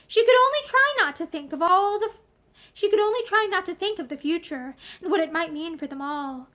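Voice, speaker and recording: A woman's voice: high-pitched, a bit bright. A woman reading a novel aloud, telling the story expressively while seated indoors facing the camera. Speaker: audiobook reader.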